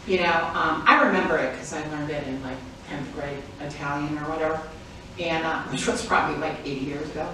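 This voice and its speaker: A woman's voice: fairly low pitch, a bit bright. Profane, playful woman in an echoey room. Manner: chatty, profane and playful, laughing often. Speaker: stage performer. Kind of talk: comedic spoken-word performance. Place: live performance venue. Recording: very echoey room, mic far off, audible noise.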